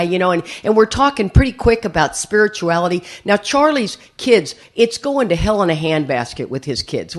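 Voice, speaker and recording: An older woman sharing her story at a recovery meeting, chatty and rambling, often repeating words as she starts a sentence. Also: fairly low pitch. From USA. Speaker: AA speaker.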